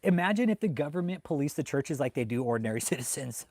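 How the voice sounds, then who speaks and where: A man's voice: fairly high pitch, expressive, fast talker, no room sound. Man ranting and swearing on a livestream. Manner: heated and swearing, with loud outbursts. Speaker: livestream host reading chat. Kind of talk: profane ranting live commentary.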